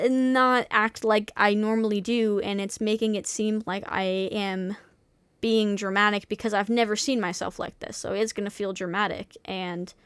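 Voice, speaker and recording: A woman's voice: mid-range voice, fairly bright tone, smooth, dry recording. A young woman streamer in casual chat, talking candidly and swearing freely, with many restarts and fillers.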